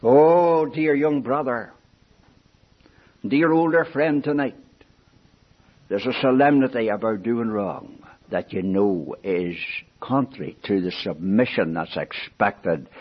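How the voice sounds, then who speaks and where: An older man preaching a sermon in an earnest, pleading way, swinging from soft asides to raised appeals. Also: takes it slowly, breathy edge. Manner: earnest, pleading, rises and falls in pitch and loudness. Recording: dull lo-fi recording.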